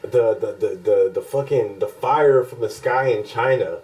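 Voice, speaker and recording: A man's voice: lowish voice, a little slow, darkish tone, poor audio. A man co-hosting a podcast in casual chat, rambling and profane, often laughing as he talks. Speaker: podcast co-host.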